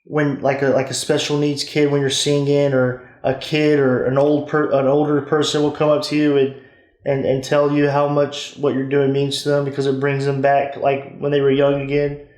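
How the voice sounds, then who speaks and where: A man's voice: medium pitch, monotone, moderate pace, a little mellow. A man, hosting a casual podcast chat in a laid-back way. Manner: laid-back, uses like and um a lot. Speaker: podcast host. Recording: echoey room.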